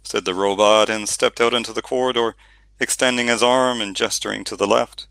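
A male audiobook narrator with a gravelly, fry-laden voice that still has a bright, forceful edge. He sits slightly low in pitch and tells the story steadily. The recording is dry and close. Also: fairly quick, no room sound. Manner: steady storytelling with occasional reading slips. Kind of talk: scripted narration.

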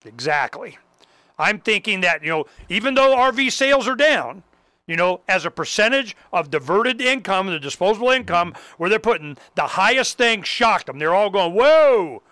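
A man hosting a casual talk show, ranting in an animated, profane way. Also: high voice, normal speed, no echo, studio quality. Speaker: host. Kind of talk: casual chat.

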